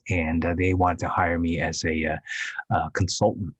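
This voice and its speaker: Male guest actor in his fifties, low raspy voice, candid and hesitant storytelling. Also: flat delivery, no room sound, muffled recording. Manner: halting and reflective, with many restarts.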